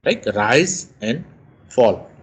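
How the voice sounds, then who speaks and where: A man's voice: mid-range voice, big pitch swings, husky. A man teaching a lesson on intonation, stretching his rises and falls to demonstrate each tone. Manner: slow, exaggerated rises and falls to demonstrate tones. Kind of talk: lecture on intonation.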